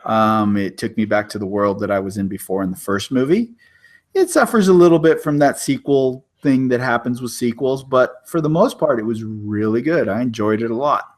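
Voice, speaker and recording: A man co-hosting a movie review podcast, relaxed and enthusiastic. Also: medium pitch, moderate pace. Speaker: podcast co-host. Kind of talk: casual movie review chat.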